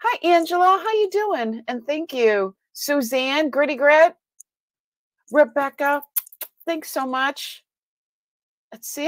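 A woman's voice: high-pitched, animated, takes it slowly, pauses often, dry recording. Chatty Boston woman hosting a live stream. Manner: chatty, greets viewers by name, laughs often. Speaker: live sale host. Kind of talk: casual live-stream chat.

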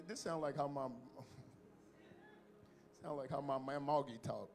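A man preaching a sermon to his congregation. He leads call-and-response, jokes with the crowd, and reads scripture loudly and dramatically. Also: unhurried, vocal fry, long pauses, faint music behind. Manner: booming dramatic scripture reading. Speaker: pastor. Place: church sanctuary.

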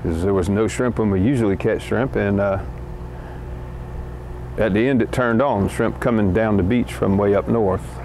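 A man's voice: on the low side, normal speed, darkish tone, low-quality recording. A man who works as a shrimper, speaking emphatically in an interview. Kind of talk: casual interview. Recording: outdoor noise, speaker off-mic.

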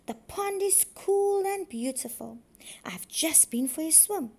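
Woman playing a little girl turtle, storybook, cheerful and eager, very high, unhurried. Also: expressive, darkish tone.

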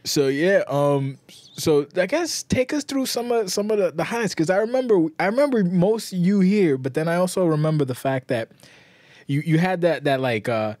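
Male podcast host, casual and profane, laughs a lot, fairly high voice, dry close sound. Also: animated, normal speed, a little mellow, no echo. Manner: loose, profane, laughs often. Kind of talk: casual chat.

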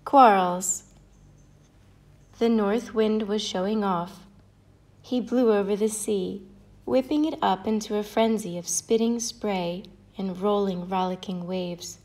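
Slow, expressive storytelling woman. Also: mid-range voice. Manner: expressive, lilting read-aloud. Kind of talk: storybook narration.

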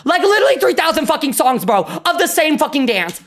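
A young adult woman streaming a reaction video, chatting casually, swearing constantly and bursting into loud laughter. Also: sits high, big pitch swings, brisk. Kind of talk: casual livestream reaction chat.

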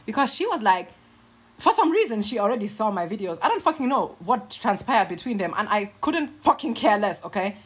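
A woman's voice: medium pitch, sing-song, a little fast, breathy edge. A woman in her thirties ranting casually to camera from her bed, sarcastic and heated, swearing and laughing between jabs. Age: 30s. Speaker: online creator. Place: lying in her bed at home.

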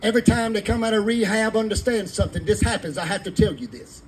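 Man, preacher, high voice, fervent delivery, faint background noise. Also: fast, rough recording. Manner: fervent preaching in Southern vernacular. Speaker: pastor. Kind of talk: sermon.

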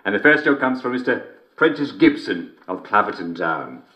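On a muffled recording, a sing-song voice on the low side comes through at normal speed: an actor portraying a cheerful middle-aged English TV and radio host. It's a scripted game broadcast, delivered with smarmy showmanship and chuckles between lines.

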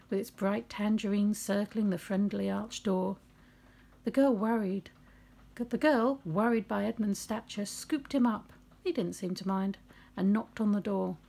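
A woman's voice: mid-range voice, vocal fry, dark tone, husky. A middle-aged woman reading aloud a story she wrote and breaking off for chatty asides, recorded in her home office.

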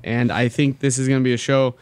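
A man's voice: medium pitch, flat delivery, quick pace, clear, resonant tone, dry recording. A young man co-hosting a casual podcast, speaking bluntly with swearing and laughter. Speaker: podcast co-host. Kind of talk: casual chat.

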